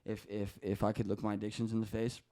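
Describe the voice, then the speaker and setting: As a podcast guest, a man tells personal stories in casual, emotional storytelling, rambling and heartfelt, swearing heavily and restarting sentences often. His lowish, warm voice is monotone and he talks fast.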